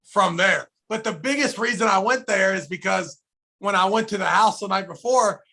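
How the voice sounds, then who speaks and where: A man co-hosting a podcast tells a story at a moderate pace in a gravelly voice that sits high. In this casual chat he's profane and animated, freely swearing and acting out what people said.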